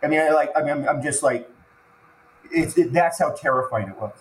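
A man, a podcast guest, telling an emotional personal story in halting speech, stumbling and repeating words when he gets moved. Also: fairly high pitch, slight background noise. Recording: echoey room with faint ambience.

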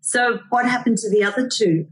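A woman's voice: fairly high pitch, normal speed, distant mic, rough recording. A woman hosting an interview, a singing teacher who speaks precisely and encouragingly about vocal technique. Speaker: podcast host, singing teacher.

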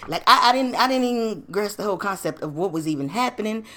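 A woman podcast host tells a true story from her life in an easy, street-smart way. Her talk is salty and full of asides and rhetorical questions. Her pitch rises and falls constantly as she talks. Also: fast talker. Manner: animated, slangy and profane, rhetorical questions. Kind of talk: casual personal storytelling.

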